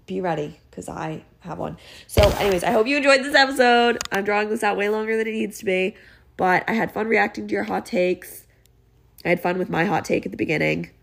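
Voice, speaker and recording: Gravelly-voiced teenage girl podcaster. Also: on the low side. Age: teens. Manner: chatty, rambling, filler-heavy, self-mocking. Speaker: podcast host. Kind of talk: casual solo podcast chat.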